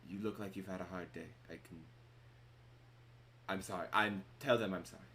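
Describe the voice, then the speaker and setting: A man's voice: sits low, fairly even intonation, normal speed, sharp tone. A man voicing a flustered, apologetic male innkeeper with a put-on accent, stammering and rambling. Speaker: game master.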